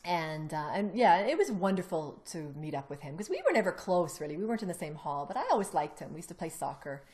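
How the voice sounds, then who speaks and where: Animated woman telling her own story. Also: on the low side, fast talker. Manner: animated storyteller who acts out other people's lines; rambling, with many restarts. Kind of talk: personal story in a casual interview.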